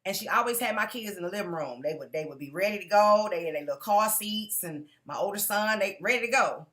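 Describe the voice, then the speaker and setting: A woman's voice: medium pitch, animated, fast talker, a bit bright. A woman giving an earnest personal testimony, speaking directly to a live audience and calling out to them as she goes.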